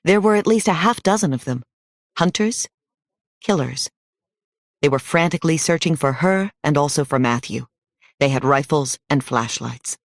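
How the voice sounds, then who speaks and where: A man reading an audiobook in a steady, measured storytelling manner. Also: fairly high pitch, no echo. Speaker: audiobook narrator. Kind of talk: scripted audiobook narration.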